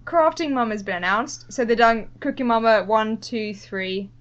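A woman co-hosting a casual gaming podcast, reading out news items briskly and reining in her co-hosts. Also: fairly high pitch. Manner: brisk, reads news items between playful scolding. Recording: dull lo-fi podcast audio.

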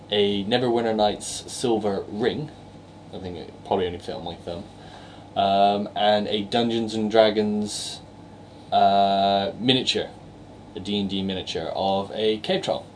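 A man's voice: fairly low pitch, steady tone, measured pace, a little hiss or hum. A young English man co-hosting a casual game podcast, rambling with fillers and restarts. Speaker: podcast co-host reviewing games.

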